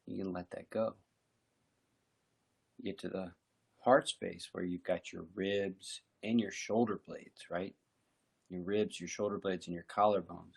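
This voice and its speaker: A man giving a slow, reflective, conversational mindfulness talk as a meditation teacher. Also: deep voice, fairly even intonation, vocal fry, breathy edge.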